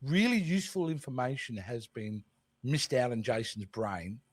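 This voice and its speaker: A man's voice: medium pitch, moderate pace, slightly rough, no room sound. A man with an Australian accent hosting a podcast, chatting casually with jokes and swearing. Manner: animated, jokey, swears freely. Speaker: podcast host. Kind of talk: casual chat.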